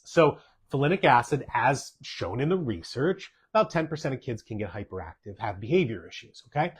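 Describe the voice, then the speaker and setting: A man's voice: mid-range voice, very animated, a little fast, few pauses, slightly rough. A man hosting a podcast as a doctor, answering listener questions in a casual, emphatic way, repeating key points and checking in with "okay?".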